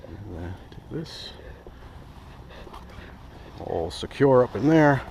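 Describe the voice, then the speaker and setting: A man with a medium-pitched, creaky voice speaks slowly in a sing-song way, surrounded by background noise. He's an outdoor gear reviewer in a casual vlog, touring his hammock setup among the trees. He rambles enthusiastically and keeps interrupting himself.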